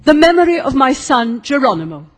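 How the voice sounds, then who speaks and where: A woman's voice: sits high, sing-song, a little fast, voice pushed up. A woman reading the lines of a grieving, hospitable old marquis in a spoken story. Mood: earnest.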